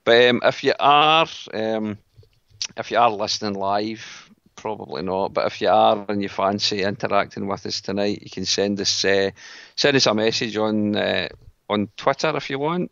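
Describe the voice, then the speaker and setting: A man's voice: on the low side, normal speed, gravelly, fairly bright tone, no echo. A Scottish man hosting a casual podcast, chatty and friendly in his banter. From Scotland. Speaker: podcast host. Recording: dull lo-fi sound.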